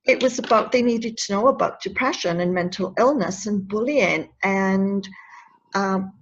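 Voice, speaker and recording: A woman's voice: medium pitch, a little slow, breathy edge, lo-fi sound. A woman in her fifties telling a personal story in an interview, earnest and emotional, often stopping and restarting her words. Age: 50s. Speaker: interview guest, anti-bullying advocate.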